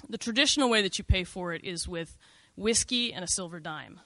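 Woman, middle-aged, storyteller, bright tense voice, dry close sound, casual and confessional, lots of "like". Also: fairly low pitch, animated, brisk, no room sound. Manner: conversational, frequent "like" and "you know", candid and confessional. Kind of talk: first-person storytelling.

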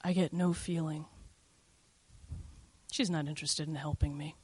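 A woman's voice: deep voice, fairly even intonation, measured pace, a little mellow, slightly rough. A middle-aged woman telling a first-person story in a candid, conversational way, full of "like" and "you know".

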